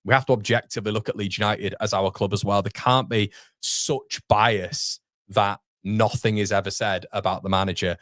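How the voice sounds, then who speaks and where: A man's voice: fairly low pitch, steady tone, moderate pace, fairly bright tone, no room sound, clean studio sound. A young man, hosting a casual livestream and chatting through viewer comments with self-deprecating asides. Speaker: host. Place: home streaming studio.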